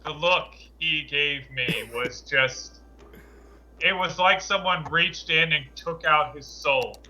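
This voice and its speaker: A man hosting a casual chat, telling college stories in an animated, indignant way and acting out the people in them. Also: fairly high pitch, slow pace, a little hiss or hum, rough recording. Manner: animated, indignant retelling with acted quotes.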